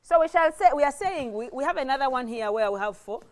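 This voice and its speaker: A woman's voice: high-pitched, animated, fast. A woman with a Ugandan English accent teaching a classroom grammar lesson, explaining step by step and asking rhetorical questions.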